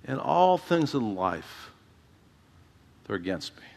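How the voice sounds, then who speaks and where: A man's voice: mid-range voice, sing-song, slow, creaky, a little mellow, in a large hall, full character voice. A man voicing a grieving, bitter old father while reading aloud during a sermon. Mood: despairing.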